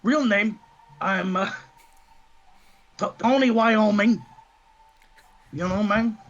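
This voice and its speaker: A man's voice: high voice, slow pace, fairly bright tone, lo-fi sound. A man voicing a cocky, slick hustler who talks in a laid-back way and keeps saying "man".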